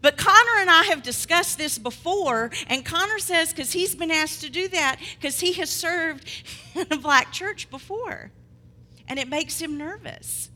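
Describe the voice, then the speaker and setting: A woman preacher delivering a sermon, swinging between loud proclamation and quiet asides. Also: very high-pitched, expressive, measured pace. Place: church hall. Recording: long hall reverb.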